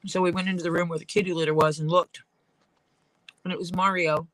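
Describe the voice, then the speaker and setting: A woman's voice: on the low side, level tone, a little fast, no room sound, rough recording. A woman leatherworker rambling through casual stories while she works at her craft. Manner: rambling, storytelling.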